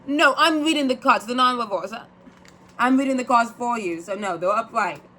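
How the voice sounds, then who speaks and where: A woman voicing a brash, fast-talking New York tarot reader with a New York accent. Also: on the high side, bright, forceful tone. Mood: brusque.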